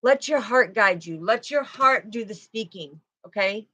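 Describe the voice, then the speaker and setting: A woman's voice: medium pitch, lively intonation, measured pace, fairly bright tone, no room sound. A woman giving a casual spiritual tarot card reading, chatty and talking straight to her viewers. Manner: chatty, with frequent "you know" and "okay". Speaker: intuitive tarot reader.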